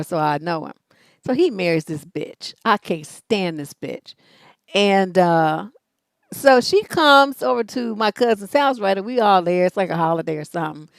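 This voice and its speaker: Middle-aged woman host, brash and profane, somewhat high-pitched, dry close mic. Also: no echo. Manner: blunt, profane, animated storytelling with laughs. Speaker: advice show host. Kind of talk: live advice show, storytelling and reading questions.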